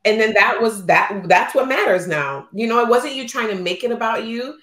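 A woman's voice: fairly high pitch, moderate pace, fairly bright tone. Candid woman co-host in an echoey room. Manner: candid, emotional, acts out quotes. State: postpartum. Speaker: podcast co-host. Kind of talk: casual chat.

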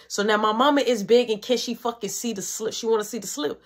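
Woman, storytime vlog, slangy, cursing, animated, slightly high pitch. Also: fast talker. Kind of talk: storytime narration, casual.

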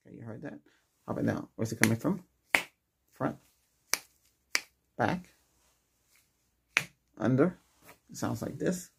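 Whispering softly as a doctor in a role-play, a man stays close to the mic and checks in with short questions. He has a gravelly, medium-pitched voice, and heavy background noise fills the clip.

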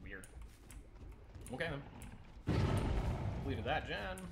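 A man giving playful, chatty gameplay commentary, teasing other players and squealing up high when he goofs around. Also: very animated, slow pace, gravelly. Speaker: gaming streamer. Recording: roomy sound with audible background noise.

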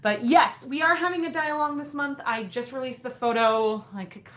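A woman's voice: sits high, moderate pace, fairly bright tone. A woman in her thirties hosting a casual craft livestream, rambling with lots of fillers and restarts. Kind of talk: casual live chat. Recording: echoey room.

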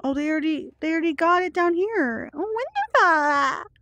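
A young woman livestreaming a horror game to chat, jumpy and excitable, laughing and gasping as she pleads with her friends. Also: very high voice, normal speed, dry recording. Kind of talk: live gameplay commentary to chat.

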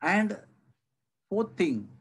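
Guy teaching a devotional class on a video call, slightly high voice, lots of storytelling. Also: extremely slow, husky, low-quality recording. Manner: storytelling, rhetorical questions, lively emphasis. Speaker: spiritual teacher. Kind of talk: devotional lecture.

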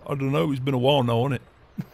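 A man voicing a gruff, beer-loving older farmer in game roleplay banter, swearing often and chuckling. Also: medium pitch, fairly even intonation, rapid-fire, darkish tone, close to an everyday voice. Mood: jovial.

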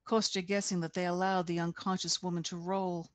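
A woman reads aloud from her own novel in a measured, deliberate way over a video call. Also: lowish voice, flat delivery, no echo. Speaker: author reading her novel. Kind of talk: expressive reading aloud.

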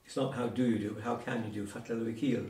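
A man's voice: mid-range voice, fairly even intonation, racing, warm tone. Man explaining words from a distance. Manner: digressive, explains patiently with asides and examples. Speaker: Cornish language teacher. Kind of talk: informal one-on-one language lesson. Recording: roomy sound from a distance.

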